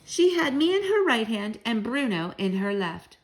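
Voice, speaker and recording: Expressive female storyteller reading to children, lively pitch. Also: unhurried, few pauses, rough recording.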